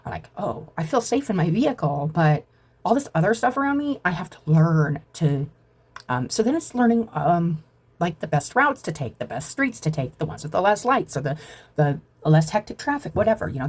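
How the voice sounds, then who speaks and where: A woman talks through a spiritual reading in a loose, wandering way, circling back to her points. Her voice sits low and soft-edged, with a breathy huskiness. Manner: meandering, reflective, with many fillers. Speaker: spiritual reader. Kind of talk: casual spiritual talk.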